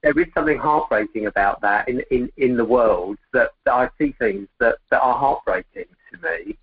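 A male caller on a thin, phone-like line, feeling his way through each sentence in stops and restarts. His pitch sits in an ordinary middle range. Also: breathy edge, dry recording. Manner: hesitant, halting, many restarts. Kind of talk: call-in conversation.

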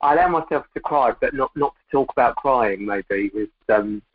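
A male caller on a thin, phone-like line, feeling his way through each sentence in stops and restarts. His pitch sits in an ordinary middle range. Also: dry recording. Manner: hesitant, halting, many restarts. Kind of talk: call-in conversation.

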